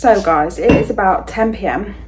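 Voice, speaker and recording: A woman's voice: mid-range voice, normal speed, noisy background. Chatty young woman vlogging at home. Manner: gushing, chatty, rambling asides. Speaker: lifestyle vlogger. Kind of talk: casual chatty vlog narration. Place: at home indoors.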